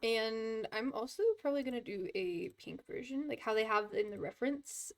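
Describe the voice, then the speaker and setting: A young woman with a fairly high voice streams live from her computer, chatting casually at a moderate pace while she draws. She rambles and giggles frequently throughout this relaxed live-stream chat.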